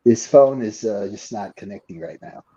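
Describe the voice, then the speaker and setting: A man's voice: lowish voice, normal speed, a crowd in the background. A man calling in from his phone to a live stream, taunting the others in a lewd, drawling way. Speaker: caller. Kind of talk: crude live-stream banter. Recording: dull phone audio.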